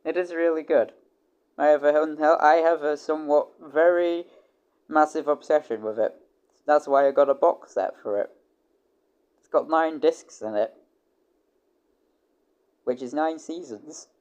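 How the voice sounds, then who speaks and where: A man's smooth, unhurried voice comes through a muffled recording, with frequent pauses, as he rambles on a casual livestream. He swears freely and keeps restarting sentences and repeating words, his pitch jumping loudly when he's excited.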